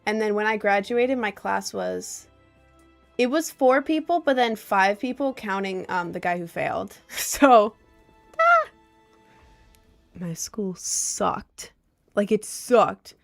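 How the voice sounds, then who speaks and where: Gravelly-voiced young woman rambling on stream. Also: medium pitch, unhurried. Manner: rambling, self-deprecating, giggly. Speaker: livestreamer reading chat. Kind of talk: casual livestream chat. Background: faint Celtic music.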